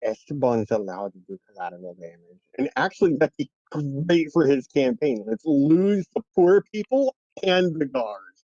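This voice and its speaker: A player at an online tabletop game jokes and banters. The voice is dark and mellow, with a dull, lo-fi sound in a dry space. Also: medium pitch, expressive, normal speed, no echo. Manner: joking, playful banter. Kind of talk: casual chat over a tabletop game.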